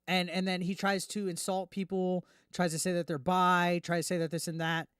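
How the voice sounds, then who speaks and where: A man hosting a reaction commentary, ranting indignantly and quickly, tripping over restarts as he talks. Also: high-pitched, little pitch movement, fairly bright tone, clean tone, no echo, studio quality. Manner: heated, indignant, fast with repeated restarts. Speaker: YouTube commentary host.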